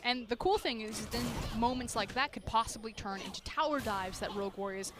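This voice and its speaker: Female esports color caster, a touch high-pitched, analytical with easy fillers, music underneath. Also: fairly quick. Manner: analytical, with fillers and playful asides. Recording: commentary over game music.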